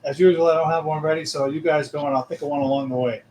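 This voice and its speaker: A man's voice: on the high side, steady tone, fast talker, a little mellow, slight background noise, poor audio. A man with a Boston accent, co-hosting a sports podcast, grumpy and given to emphatic rants. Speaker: podcast co-host. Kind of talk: casual sports chat.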